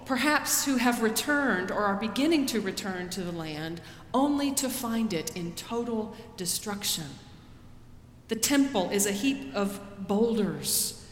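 A woman pastor preaching a sermon in a slow, deliberate way, rising for quoted pleas and dropping soft after them. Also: mid-range voice, a little hiss or hum. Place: church sanctuary. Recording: roomy church with long reverb.

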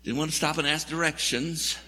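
A man's voice: fairly high pitch, steady tone, a little fast, pushed and bright, slightly rough. A man preaching a sermon in a church, telling the story in a conversational, wry way. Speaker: pastor. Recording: long hall reverb.

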